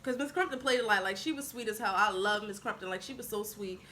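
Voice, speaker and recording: A woman in her twenties telling a casual storytime vlog, chatty and animated, acting out what people said. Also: medium pitch, fast talker, a little hiss or hum. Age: 20s. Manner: chatty, animated retelling with acted-out quotes. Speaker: vlogger.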